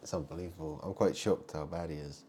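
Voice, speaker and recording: A man vlogging in a rambling monologue, muttering asides and swinging between loud remarks and hushed ones. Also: very deep voice, steady tone, fast, a little hiss or hum.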